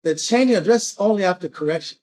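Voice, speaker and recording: A man's voice: high-pitched, expressive, fast talker, a little mellow. A man in a casual group discussion, joking and playful.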